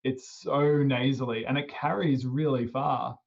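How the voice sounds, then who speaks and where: A man co-hosting a casual group chat, speaking in a measured way that keeps the talk organized. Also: mid-range voice, steady tone, creaky. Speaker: stream co-host. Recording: dull lo-fi call audio.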